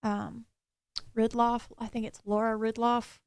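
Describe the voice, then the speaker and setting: A woman co-hosting a morning radio show, talking softly and hesitantly in casual banter. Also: a little high, flat delivery, a little slow, creaky, clean tone, no room sound, studio quality.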